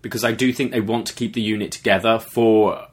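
A man's voice: fairly low pitch, fairly even intonation, a little fast, husky. A man co-hosting a podcast, giving his opinions on wrestling storylines in a casual, thinking-aloud way. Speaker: podcast co-host.

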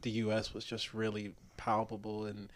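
A relaxed man speaking as an actor guest in a loose, casual interview. His talk is easygoing and peppered with fillers and quick laughs. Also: fairly low pitch.

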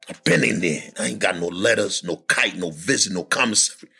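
A man on a podcast telling a hard personal story with lots of emotion, acting out other people's voices in loud high bursts. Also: fairly quick, gravelly, husky. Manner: animated, acts out voices and shouts in high bursts. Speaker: podcast guest sharing his story.

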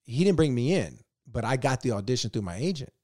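Male podcast guest from Virginia, mid-pitched, swearing storyteller, dry close sound. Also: fast talker, no room sound. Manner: animated, profane, laughing storyteller. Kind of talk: casual storytelling.

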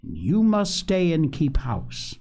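A man voicing an eager, earnest young girl in a storybook reading, talking in a bright, pleading sing-song. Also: a little high, very animated, takes it slowly.

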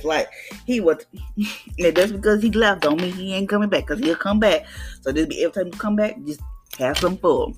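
A woman hosting a podcast devotional, teaching in a casual, conversational way and acting out little voices. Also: fairly low pitch. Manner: conversational, preachy, acts out voices with laughs.

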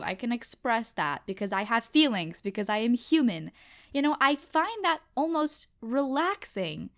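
A young woman hosting a podcast, chatting casually and emphatically on her own, animated and self-reflective. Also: a little high. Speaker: podcast host. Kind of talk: casual solo chat.

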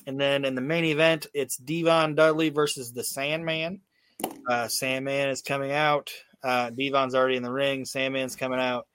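A man's voice: medium pitch, flat delivery, normal speed, fairly bright tone, smooth. A man hosting a casual podcast, telling a rambling, profane story with lots of fillers and restarts. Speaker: podcast host. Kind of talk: casual recap chat.

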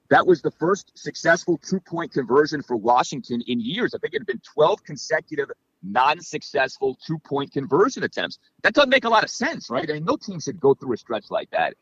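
Talking football strategy on a podcast, a man is animated and analytical, peppering his speech with "you know" and "like." His voice is fairly high and husky, with no room sound and dull audio.

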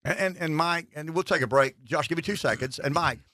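A man's voice: fairly high pitch, a little fast, no room sound, clean studio sound. A man hosting a talk radio panel, speaking emphatically with a Southern American accent. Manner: animated and emphatic. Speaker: radio show host.

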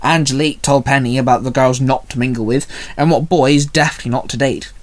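A man's voice: medium pitch, steady tone, quick pace. A man reading fan fiction aloud as narrator, in a plain storytelling read.

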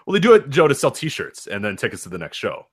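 A man in his thirties hosting a podcast, chatty and quick, laughing easily and stumbling over words. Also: medium pitch, wildly swooping pitch, slightly rough. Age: 30s. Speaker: podcast host. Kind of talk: casual podcast chat.

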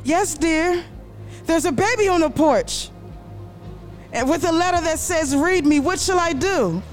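A woman's voice: very high voice, unhurried, pitched above the performer's own voice. A storyteller voicing a sassy wife who teases her husband, with music playing behind. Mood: teasing. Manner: sassy teasing. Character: teasing wife, playful and sassy.

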